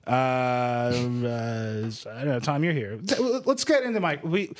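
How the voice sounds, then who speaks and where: Animated, laughing podcast host man. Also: medium pitch, measured pace. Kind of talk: casual chat.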